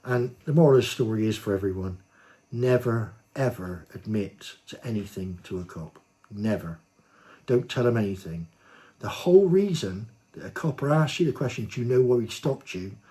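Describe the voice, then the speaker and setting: A man telling a personal anecdote in a blunt, cheeky, casual way, growing animated when he quotes himself. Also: fairly low pitch, moderate pace. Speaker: storyteller.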